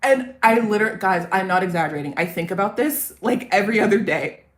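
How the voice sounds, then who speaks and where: A woman's voice: medium pitch, lively intonation, quick pace. A woman chats on a livestream in a loose, rambling way, poking fun at herself as she goes. Her tone is casual and easily amused, and she wanders between thoughts. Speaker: parody songwriter and streamer.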